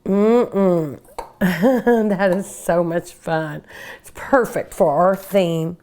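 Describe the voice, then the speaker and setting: A woman's voice: fairly low pitch, extremely slow, darkish tone. An older woman hosting a cooking show, chatting and gushing enthusiastically while she eats. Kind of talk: casual cooking show talk.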